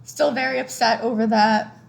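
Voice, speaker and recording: Chatty, gushing woman, higher-pitched. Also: normal speed, gravelly. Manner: chatty and gushing, many "like" fillers; bursts of excited high squeals. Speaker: co-host of a movie podcast. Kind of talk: casual chat.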